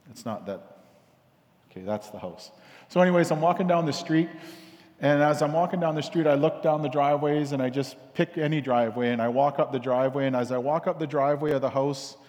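A man's voice: mid-range voice, a little mellow. A man telling a parable in a casual, repetitive sermon, with many fillers and restarts. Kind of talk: rambling storytelling sermon. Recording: long hall reverb.

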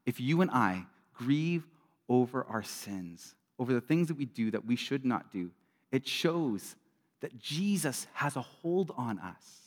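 A middle-aged man preaching a sermon as a pastor, talking earnestly and conversationally, swinging between loud bursts and quiet drops. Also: medium pitch, very animated, measured pace. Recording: long reverb of a large hall.

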